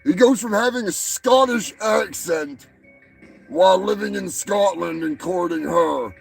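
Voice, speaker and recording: A man's voice: high voice, a little slow, vocal fry, soft background music, rough recording. A male show host giving rambling, profane comedic commentary, often stumbling over and repeating his words.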